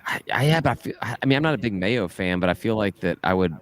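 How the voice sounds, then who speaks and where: A man's voice: on the low side, lively intonation, quick pace. A man co-hosting a podcast, chatting casually and laughing easily. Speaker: podcast co-host. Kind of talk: casual chat.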